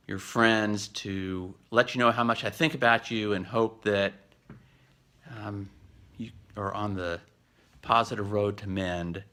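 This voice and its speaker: A man giving a heartfelt get-well message in a halting, thoughtful way, pausing often. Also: on the low side, pushed and bright. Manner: halting, thoughtful, with many pauses.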